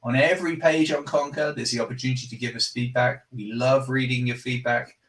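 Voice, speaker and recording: A man's voice: mid-range voice, fairly even intonation, fairly quick, fairly bright tone, distant mic. A man hosting a live product demo. He talks enthusiastically and rambles, often breaking off and correcting himself. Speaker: product presenter and company host.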